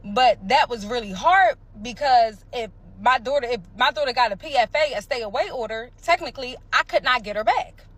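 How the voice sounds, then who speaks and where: A woman from Pennsylvania telling her own story in a casual vlog, emphatic and animated, repeating phrases and acting out sounds. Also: a little high, brisk, hardly any pauses. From Pennsylvania, USA.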